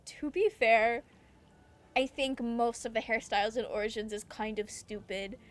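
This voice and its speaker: A young woman streams a video game, chatting casually, reading chat aloud, laughing often and ranting with swearing. Her voice is on the high side, with a steady tone and a measured pace.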